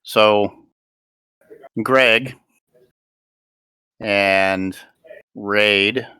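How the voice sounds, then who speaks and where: Serving as game master for a tabletop game, a man describes the scene as he goes, hesitantly searching for words and often stopping to restart. His low voice sounds bright, forward, steady and clean, with drawn-out words, recorded dry and close.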